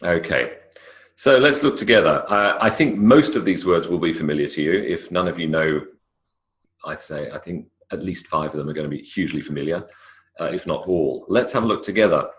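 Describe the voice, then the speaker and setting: A low-pitched Australian man lecturing on English pronunciation. He explains at an easy pace, pausing with fillers and correcting himself as he goes. The delivery sounds like a recorded online class. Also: a bit bright.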